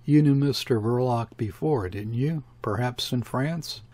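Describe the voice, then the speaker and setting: A man voicing a calm, subdued shopkeeper's wife. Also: mid-range voice, unhurried, no echo, close to an everyday voice. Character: placid, incurious London shopkeeper's wife.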